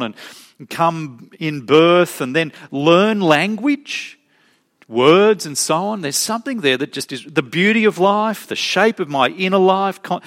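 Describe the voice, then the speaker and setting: A man preaching a sermon as pastor, emphatic, slowing down to stress key phrases. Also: on the high side, fairly bright tone. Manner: emphatic, varied pace with slow stressed phrases.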